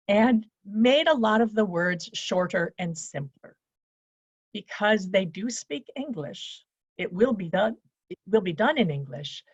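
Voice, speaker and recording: A woman's voice: mid-range voice, no echo, muffled recording. A woman coaching listeners on presentation skills, speaking in a straightforward, practical way over a video call. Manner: straightforward and practical, teaching in lists. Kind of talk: speaking to an online event.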